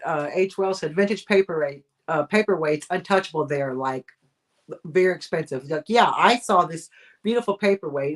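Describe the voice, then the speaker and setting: Chatty American woman hosting a live chat. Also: lowish voice. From United States. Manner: chatty, laughs often, full of restarts. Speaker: host.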